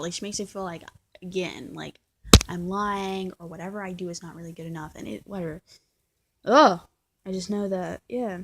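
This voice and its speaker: Husky woman venting in a rambling rant. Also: mid-range voice, darkish tone. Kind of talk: casual vlog rant.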